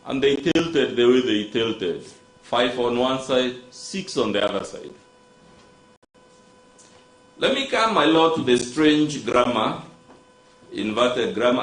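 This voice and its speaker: Un abogado con acento keniano, de tono medio, presenta sus alegatos con formalidad y preguntas retóricas, dirigiéndose una y otra vez al juez. Su voz resuena en una sala de tribunal con mucho eco. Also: male voice, medium pitch, a bit bright. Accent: Kenyan. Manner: formal, rhetorical, repeatedly addressing the judge. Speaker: advocate. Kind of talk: courtroom legal submission. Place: courtroom. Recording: echoey courtroom audio.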